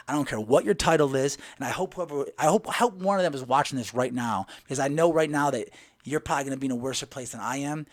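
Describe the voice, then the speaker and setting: A man recounts a personal story, blunt and emphatic, swinging between heated and hushed. His middle-pitched voice sounds close and dry, with no room echo. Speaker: vlogger.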